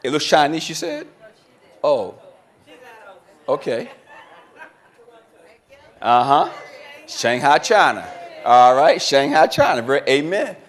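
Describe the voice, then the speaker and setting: A man's voice: fairly high pitch, sing-song, takes it slowly, long pauses, some chatter behind. A man giving a motivational seminar talk as keynote speaker, quizzing the audience and repeating their answers back to them. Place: conference room with a live audience.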